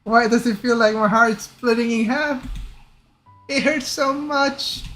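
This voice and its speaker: A man voicing a tearful, self-doubting teenage girl in a dramatic reading of a game script, high and pleading. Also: unhurried, bright, forceful tone, faint music behind, exaggerated voice.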